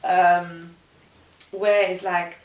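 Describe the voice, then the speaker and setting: A woman's voice: lowish voice, very slow, roomy sound, far from the mic, poor audio. A woman in her twenties, a guest chatting casually and reflectively, with lots of fillers. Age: 20s. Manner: relaxed, reflective, uses many fillers. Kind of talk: casual chat.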